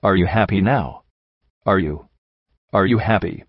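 A man voicing a rotting, deranged ghoul stallion prince who talks grandly with a booming, boiled-sounding voice and bursts into screams. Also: measured pace, no echo, dull audio. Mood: raging. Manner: grand, menacing, erupting into screams.

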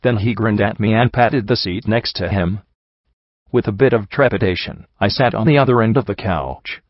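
A man reading a first-person story aloud in a steady, descriptive manner. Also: lowish voice, moderate pace, no echo, dull audio. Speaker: audiobook narrator.

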